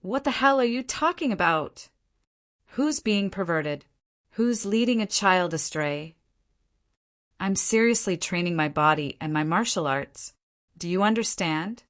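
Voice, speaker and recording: A woman's voice: fairly low pitch, expressive, measured pace. A woman playing a cocky young martial arts student. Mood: exasperated. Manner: boastful, exasperated.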